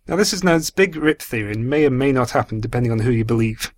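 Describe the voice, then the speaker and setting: A man answers listener questions on a podcast. He explains at a measured pace in his ordinary mid-range voice. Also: mid-range voice, animated.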